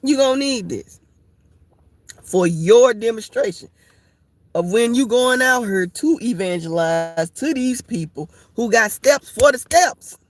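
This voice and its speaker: A woman's voice: on the high side, animated, unhurried. A woman leading an informal Bible study, repetitive and playful, laughing often as she preaches.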